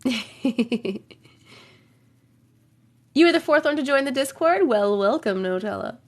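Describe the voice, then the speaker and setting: A young woman hosting a livestream, reading viewers' stories aloud and chatting casually, her voice a bit rough from a cold, humming filler syllables while she waits. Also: high-pitched, animated, takes it slowly. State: voice rough from getting over a cold.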